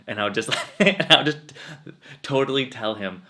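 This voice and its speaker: A man giving a spiritual talk as a swami, telling personal stories in a relaxed way with frequent laughter. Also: lowish voice, a little fast.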